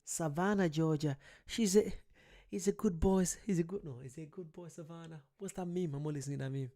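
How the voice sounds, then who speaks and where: A man's voice: a little high, normal speed, mellow. A man from the UK, hosting his first live stream, chatting casually and greeting viewers by name. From United Kingdom. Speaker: channel host. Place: at home late at night.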